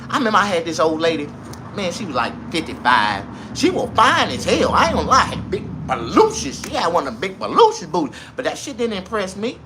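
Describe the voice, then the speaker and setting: A man's voice: high voice, huge pitch swings, fairly quick, background noise. A man in his forties telling a crude, rambling comic story who often laughs at his own punchlines. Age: 40s.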